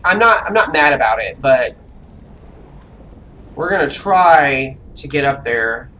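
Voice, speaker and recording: Game streamer, live commentary, talks to self, grumbly, very lively pitch, medium voice. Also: a little slow, pauses often. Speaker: streamer playing an online role-playing game.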